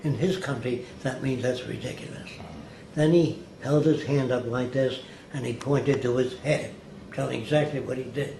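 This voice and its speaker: A man's voice: medium pitch, fairly even intonation, normal speed, gravelly. An older man tells rambling stories in an interview and slips into the voices of people he quotes. His voice carries a roomy echo, and a faint hiss sits underneath. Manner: rambling anecdotal storyteller, acts out quoted people. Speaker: interview guest. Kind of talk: storytelling in an interview.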